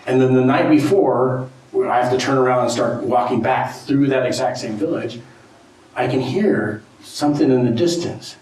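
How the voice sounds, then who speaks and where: A middle-aged man, a guest speaker, telling an anecdote to an audience in a casual, animated way, with frequent "you know" and "right?". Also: mid-range voice, normal speed. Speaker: guest speaker, tribal art collector. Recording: very echoey room, distant mic, faint ambience.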